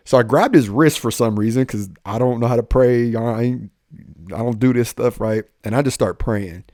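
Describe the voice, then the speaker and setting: A young man, a police officer, telling his life story in a casual podcast chat, goofy and animated, acting out the lines he quotes. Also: mid-range voice, moderate pace, dry recording, studio quality.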